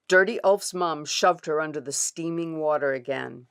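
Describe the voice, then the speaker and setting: A woman's voice: low voice, clean tone, no echo. A woman author reading her children's story aloud expressively in a studio. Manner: expressive, unhurried.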